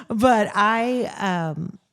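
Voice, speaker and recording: A woman's voice: mid-range voice, extremely slow, clean tone. Chatty woman nurse podcast co-host. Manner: chatty, laughs while telling stories. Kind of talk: casual chat.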